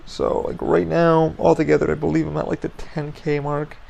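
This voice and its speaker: A man's voice: a little high, flat delivery, brisk, gravelly, few pauses, a little mellow, rough recording. A man hosting a podcast, venting frankly in a casual monologue, blunt and full of swearing. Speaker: podcast host.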